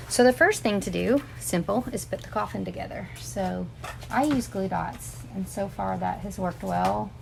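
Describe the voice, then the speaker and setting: A woman's voice: on the low side, gravelly, background noise. A woman teaching a casual live crafting tutorial, chatting and rambling with asides to her viewers. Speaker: crafting instructor.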